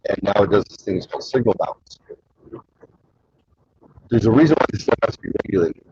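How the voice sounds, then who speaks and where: A man hosts his own show, telling long rambling stories full of fillers and crude jokes. His voice is low and very husky. The recording sounds dry and a bit dull, like a lo-fi mic. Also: lively intonation, a little fast, a little mellow, dry recording. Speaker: show host. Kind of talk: casual rambling storytelling.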